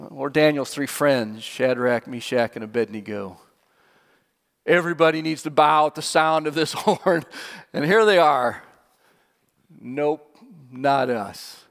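Animated preacher man in a reverberant hall. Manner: animated, rising to high emphatic peaks and dropping low at phrase ends; chuckles now and then while telling stories. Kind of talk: sermon.

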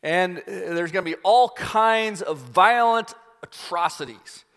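A man's voice: high voice, expressive, unhurried, a bit bright, big-room sound. A man preaching, retelling a story dramatically. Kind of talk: sermon storytelling.

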